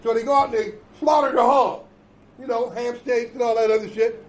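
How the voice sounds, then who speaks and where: A man's voice: extremely high pitch, steady tone, brisk, slight background noise, poor audio. A man giving a blunt, emphatic recovery talk, repeating points and checking in with the room. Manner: emphatic, repetitive, blunt with profanity; conversational, checks in with "okay?" and "right?". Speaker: recovery conference speaker.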